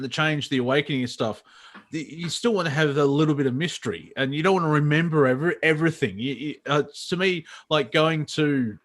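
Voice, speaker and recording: A man's voice: mid-range voice, a bit bright. Giggly, rambling male co-host. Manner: giggly, rambling, full of fillers. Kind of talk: live comedy talk show.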